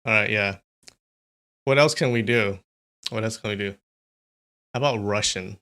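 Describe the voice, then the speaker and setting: A man's voice: fairly low pitch, normal speed, bright, forceful tone, clean tone. A man hosting a live stream, chatting casually with his viewers and often laughing. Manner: chatty, amused, talks to chat.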